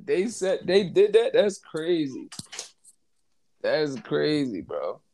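A man in a laid-back casual podcast chat, throwing in quick reactions. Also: on the high side, huge pitch swings, warm tone.

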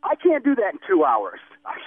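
A man's voice: high-pitched, huge pitch swings, brisk, slightly rough, dry recording. Flustered stammering man on a phone line. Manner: flustered, stammering, repeats himself. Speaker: store worker on a prank phone call. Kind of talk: phone conversation. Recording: tinny phone line, dry.

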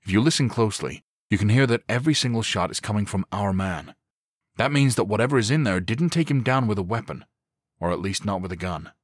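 A man voicing a calm, analytical SWAT officer in an audiobook. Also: on the low side, fairly quick, no room sound, studio quality, pitched above the performer's own voice. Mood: focused. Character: focused male SWAT officer, observant.

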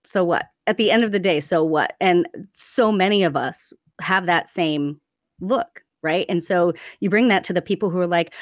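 A woman's voice: fairly low pitch, normal speed, dry recording. A middle-aged woman, chatting on a podcast in an encouraging, emphatic way. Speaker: community co-founder. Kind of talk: casual podcast chat. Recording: dry, dull lo-fi audio.

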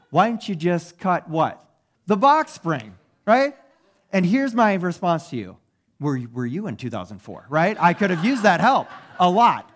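Middle-aged guy preaching, kinda high voice, chatty and self-mocking, keeps checking in with the crowd. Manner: conversational, self-deprecating, asks the congregation "right?". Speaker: pastor. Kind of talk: sermon with personal story.

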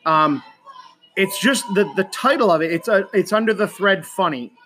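A man co-hosting a casual chat, telling a funny story with many halting restarts. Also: high voice, a bit bright, slight background noise. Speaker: podcast co-host.

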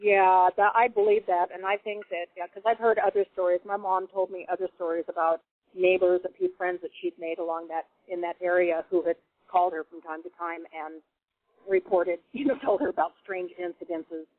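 Woman, casual storyteller, tinny phone audio, dry, lively. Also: lowish voice, fairly quick, no echo. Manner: animated, acts out voices in quotes. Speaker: guest witness.

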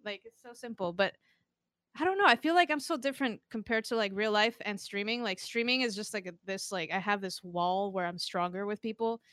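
Young female streamer, giggly, rambling, fillers, mid pitch, dry. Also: brisk, fairly bright tone, no echo. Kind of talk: casual chat.

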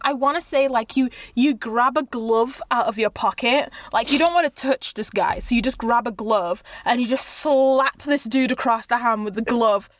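A woman's voice: a little high, moderate pace, hardly any pauses, no echo, clean studio sound. A woman narrating a tabletop game as game master in a casual, loose way.

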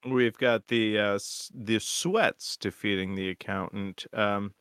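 A man's voice: on the low side, slow, fairly bright tone, smooth, no echo, studio quality. A man co-hosting a podcast in loose, joking, profane casual chat. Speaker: podcast co-host.

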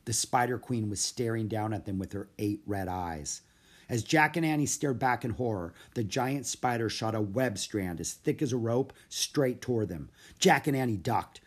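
A man narrating a children's storybook in a steady, measured reading voice. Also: fairly low pitch. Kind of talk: storybook read-aloud narration.

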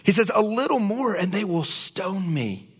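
A pastor delivers a sermon, a man whose voice sits a touch high for a man. He reads scripture and presses his points with earnest emphasis. His words ring out with a long reverb through a church sanctuary. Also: lively intonation, normal speed, breathy edge.

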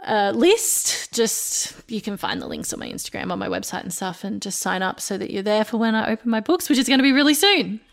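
A woman's voice: mid-range voice, big pitch swings, brisk, creaky, few pauses. A woman co-hosting a podcast, telling stories in a chatty way with frequent laughter and filler words. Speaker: podcast co-host; fertility coach. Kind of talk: casual chat.

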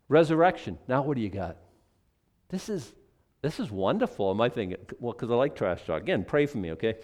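An older man preaching a sermon in a conversational, animated way, with asides and acted quotes. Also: mid-range voice, brisk. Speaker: pastor.

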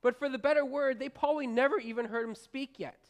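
Woman pastor, a bit high-pitched, informal conversational preaching, rambles and restarts, addresses the congregation directly. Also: fast, muffled recording. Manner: folksy, talks straight to the congregation. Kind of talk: conversational sermon.

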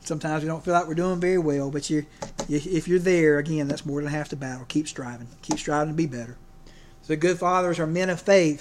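A man's voice: on the high side, a little hiss or hum. A man preaching a folksy sermon, joking and often restarting his sentences. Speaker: pastor.

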